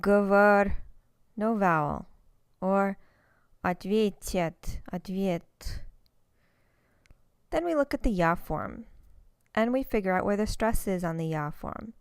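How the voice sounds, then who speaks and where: A woman teaching a recorded language lesson, explaining step by step and saying example words slowly and carefully. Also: medium pitch, animated, clean tone, no room sound.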